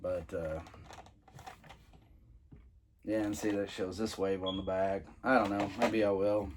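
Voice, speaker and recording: Low-voiced man rambling through a toy review. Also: fairly even intonation, measured pace, a little hiss or hum. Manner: rambling, many fillers and restarts. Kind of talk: casual unboxing review.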